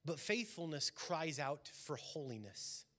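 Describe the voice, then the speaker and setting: Male pastor, slightly high voice, earnest sermon delivery that swells and drops. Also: sing-song, unhurried, a bit bright. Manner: earnest, swelling emphasis on key lines. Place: church sanctuary.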